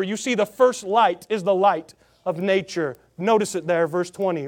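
A man from the Salt Lake Valley preaching a sermon, stressing his points by slowing down and repeating phrases. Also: sits high. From Salt Lake Valley, Utah. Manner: emphatic preaching with slow, drawn-out repeated phrases.

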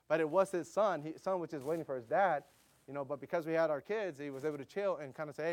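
This is a middle-aged missionary preacher from the United States who tells a story from the pulpit. He speaks quickly and with plenty of energy, and he keeps calling out to his congregation. His voice sits a little high for a man. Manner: animated, quick storytelling with audience call-outs. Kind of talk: storytelling sermon.

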